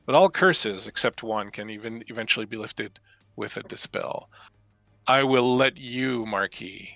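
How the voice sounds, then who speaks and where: A man's voice: fairly low pitch, unhurried, vocal fry, a bit bright, dry recording. A man narrating a tabletop game as game master, telling the story in a descriptive, dramatic way over a video call.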